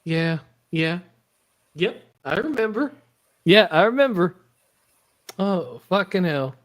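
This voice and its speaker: A man's voice: sits high, lively intonation, takes it slowly. A man hosting a casual podcast, rambling and joking with lots of swearing. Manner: rambling, profane and jokey. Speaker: podcast host.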